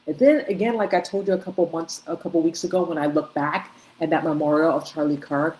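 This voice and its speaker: A woman's voice: low-pitched, steady tone, fast talker, few pauses, a little mellow, a little hiss or hum, rough recording. A woman hosting an opinionated commentary, talking emphatically in short bursts and repeating herself. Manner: emphatic, repetitive, talks in short bursts with restarts. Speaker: commentary host. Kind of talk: opinionated commentary on video clips.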